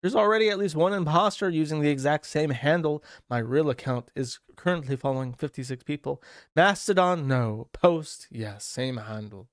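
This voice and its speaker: A man's voice: fairly high pitch, moderate pace, no echo, clean studio sound, lightly acted. A man voicing a pompous, condescending man who sneers at his critics in a haughty, dismissive manner.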